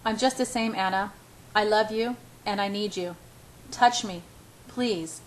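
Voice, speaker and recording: A woman's voice: mid-range voice, measured pace, slight background noise, natural voice. Christian, a woman murmuring as a pleading lover. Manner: hushed, murmured. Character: ardent young man pleading with his lover.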